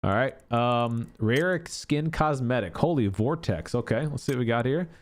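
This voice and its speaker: A gaming YouTuber casually walks through a game update at an easy, unhurried pace, thinking aloud as he goes. His expressive voice sits at an ordinary middle pitch, and he's chatty and fond of filler words, scattering loose asides through his sentences.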